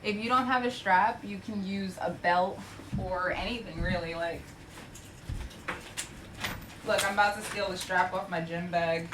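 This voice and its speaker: A young woman teaching a yoga class from home, giving gentle cues with chatty, encouraging asides. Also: mid-range voice, fairly even intonation, measured pace, long pauses, noisy background. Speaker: yoga instructor. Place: home practice space.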